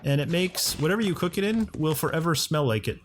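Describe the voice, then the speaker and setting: A man's voice: a little high, lively intonation, fast talker, slight background noise. Chatty man narrating his gameplay. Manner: chatty, talks to himself and his game characters. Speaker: let's play host. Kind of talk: casual gameplay commentary. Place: home condo.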